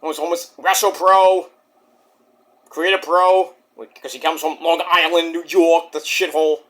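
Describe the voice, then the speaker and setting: A man reviewing a wrestling show in a casual vlog, excitable and profane, with sudden yelled exclamations. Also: on the high side, measured pace.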